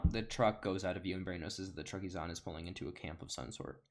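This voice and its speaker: A young man reads a movie script aloud in a deep, low voice with a flat, worn-out delivery. The narration is deadpan, as if he is slogging through a long home recording. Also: fast talker, slight background noise. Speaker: online comedian. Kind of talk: comedic script reading.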